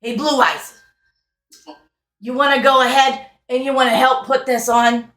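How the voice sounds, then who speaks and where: A man's voice: very high-pitched, little pitch movement, a little slow, pushed and bright, pitched above the performer's own voice, full character voice. Pushy, teasing male carnival game barker, put on by a woman game master, showy delivery in a roomy space. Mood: coaxing. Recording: roomy echo.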